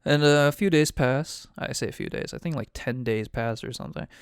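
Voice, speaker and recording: A man's voice: mid-range voice, a little fast, clean tone, dry recording, clean studio sound. A man, the game master, casually recapping a tabletop game in a rambling, profane way full of "like". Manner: rambling, loose and profane, heavy on "like".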